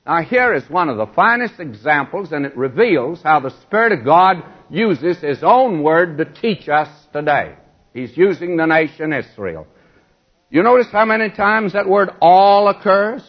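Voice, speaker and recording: A man's voice: on the high side, very animated, measured pace, muffled recording. A man preaching a sermon, emphatic, asking his listeners questions as he goes.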